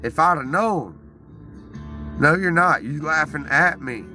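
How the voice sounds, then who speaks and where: A man with a raspy voice telling a rowdy, profane story in casual chat. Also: fairly high pitch, expressive, unhurried, pushed and bright. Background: music playing.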